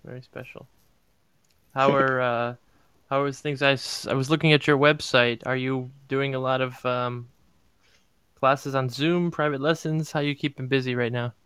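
A man's voice: medium pitch, fairly even intonation, moderate pace, a bit bright, smooth, no echo. A man co-hosting a casual chat who rambles and restarts his sentences. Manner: rambling, restarts mid-thought. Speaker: co-host.

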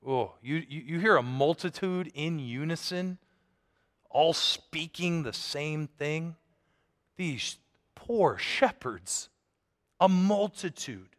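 A pastor in his thirties delivers a sermon, his voice sitting high for a man. He tells stories with energy and acts out the voices in them. The sound rings with the long reverb of a large hall. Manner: animated storytelling, acts out voices.

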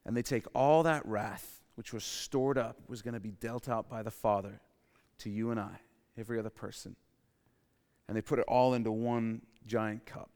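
A man's voice: fairly low pitch, steady tone, moderate pace. Dynamic male preacher in a reverberant hall. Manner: dynamic, swings from loud emphatic to hushed; calls for audience response. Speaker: pastor. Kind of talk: sermon.

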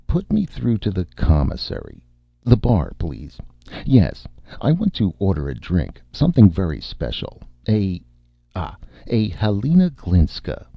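A man's voice: deep voice, wildly swooping pitch, unhurried, vocal fry, dry recording, pitched above the performer's own voice, heavily acted. A man voicing a confident, smug male screenwriter who talks in a glib, complacent, lordly way, in a dry, slightly muffled recording.

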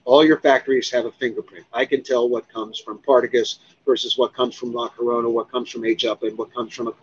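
A man telling a story as an interview guest, animated and profane, acting out what others said. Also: mid-range voice, brisk, breathy edge, highs cut off. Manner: animated, profane, acts out other people's lines. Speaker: guest, cigar expert.

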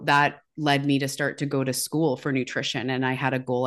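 A woman speaking as a podcast guest, candid and confessional as she tells her own story. She talks openly, throws in curse words without hesitation and keeps a loose, conversational flow. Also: a bass voice. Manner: frank, swears freely, confessional.

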